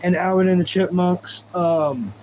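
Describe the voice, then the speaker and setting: A man's voice: sits high, measured pace, darkish tone, slight background noise, low-quality recording. A man chatting casually on a live stream, rambling and goofy, thanking viewers as he goes. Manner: goofy, rambling, talks to chat.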